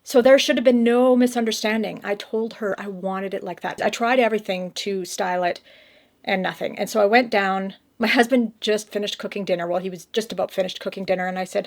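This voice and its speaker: A woman vlogs to her camera in a casual, heartfelt way, circling back and restarting her thoughts as she talks. Her voice sits at an ordinary middle pitch with plenty of gravelly fry. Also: steady tone, brisk. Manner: emotional, rambling with restarts. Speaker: vlogger.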